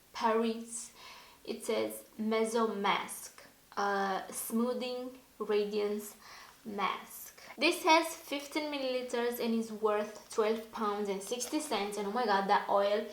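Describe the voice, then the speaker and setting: A woman beauty vlogger chatting casually through an unboxing, easily excited, her voice a little hoarse. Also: on the high side, reverberant, slight background noise, low-quality recording. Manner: chatty, easily excited, gasps and laughs often. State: slightly hoarse.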